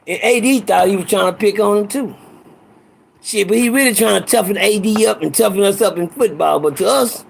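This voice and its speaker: High gravelly raspy man telling stories. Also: fairly quick, slight background noise. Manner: profane, rambling, repeats himself. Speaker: storyteller. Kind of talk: casual storytelling.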